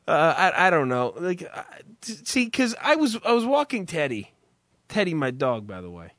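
A man's voice: a little high, huge pitch swings, moderate pace, fairly bright tone, dry recording, studio quality. A man telling a rambling, profane story in casual chat with a co-host, full of restarts. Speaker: podcast co-host.

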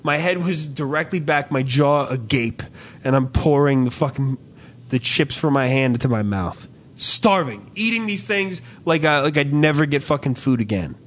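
A young adult man co-hosting a podcast, telling stories in a profane, animated, ranting way. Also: a little high, moderate pace. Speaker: podcast co-host. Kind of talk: casual comedic chat.

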